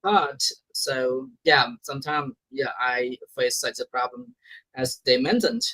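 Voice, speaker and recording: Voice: mid-range voice, lively intonation, slow, sharp tone, dry recording, low-quality recording. An English learner in a lesson conversation, speaking hesitantly, with grammar slips and restarts.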